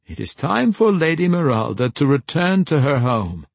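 A man voicing a kindly, courteous old male steward in an audiobook, speaking formally and gently. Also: fairly high pitch, big pitch swings, moderate pace, gravelly, no room sound, voice pushed up, full character voice. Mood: firm.

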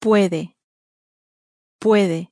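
A woman reads drill phrases slowly and evenly, saying each one twice for learners. Her voice is dry and close to the mic, with no room sound. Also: medium pitch, fairly even intonation, mellow, no room sound. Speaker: native-speaker voice for language drills. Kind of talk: slow model pronunciation in drills.

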